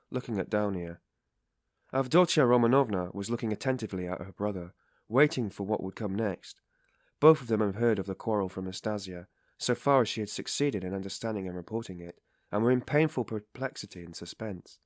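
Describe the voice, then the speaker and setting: A man narrating a classic novel as an audiobook reader, steady and measured. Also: low-pitched, no room sound, clean studio sound. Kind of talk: scripted narration.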